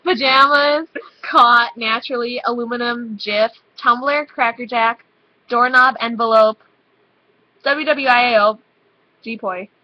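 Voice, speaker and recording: Teen girl with a high voice. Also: steady tone, measured pace. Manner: giggly, offhand, reads word lists aloud. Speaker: vlogger. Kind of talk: casual chat with a friend. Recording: dull lo-fi webcam audio.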